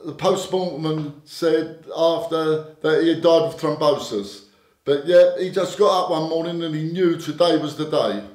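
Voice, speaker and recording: Older man, ex-doorman yarn-spinner, slightly raised pitch, roomy echoey sound. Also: fairly even intonation, a little slow, a little mellow. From Britain. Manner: anecdotal, repeats words, slips into quoted dialogue. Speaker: interview guest, former doorman. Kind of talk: casual storytelling interview. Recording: echoey room.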